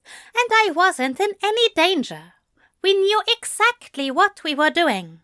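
Woman doing a soft sheepish male angel, high and fluttery. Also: very animated, unhurried, no echo, clean studio sound, heavily acted. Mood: reassuring. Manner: reassuring, flustered.

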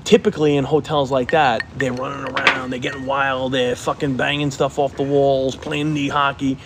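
A man's voice: mid-range voice, little pitch movement, moderate pace, very noisy. A man in his forties co-hosting a podcast, telling rambling stories in casual chat, swearing often and acting out what people said. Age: 40s. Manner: rambling storyteller, swears a lot, acts out quotes loudly. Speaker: podcast co-host.

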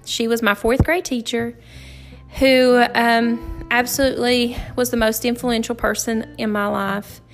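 A middle-aged woman, a teacher hosting a podcast, telling a heartfelt personal story in an earnest, halting way with many fillers and restarts. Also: on the high side, little pitch movement, soft background music. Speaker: podcast host and fourth grade teacher.

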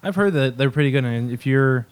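A man in a relaxed casual chat who chuckles through his sentences and rambles, restarting his thoughts. His mid-pitched voice sounds close and dry. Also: fairly quick, clear, resonant tone, no room sound.

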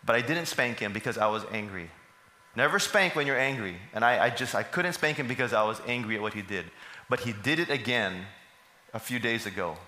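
This pastor's medium-pitched voice is bright, forceful and expressive, and he speaks fairly quickly. Preaching in an echoey church hall, he puts questions to the congregation, then answers them himself.

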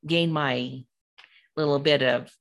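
Middle-aged woman co-host, animated storyteller, lowish voice. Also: slow. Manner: animated, acts out quoted voices. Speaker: podcast co-host. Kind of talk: casual storytelling.

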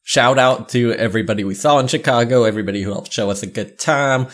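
A man's voice: mid-range voice, quick pace, fairly bright tone. A man co-hosting a podcast, rambling and teasing himself in casual chat. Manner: rambling, self-mocking. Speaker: podcast co-host.

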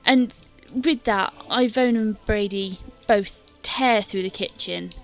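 A woman's voice: mid-range voice, slow pace, faint music behind. A woman game master narrating a tabletop scene in detail, with many fillers and hesitant restarts.

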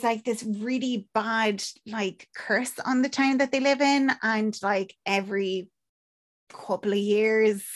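A woman with an Irish accent chatting casually as a podcast co-host, rambling with lots of fillers and acted-out quotes. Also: medium pitch. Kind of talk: casual chat recapping a film.

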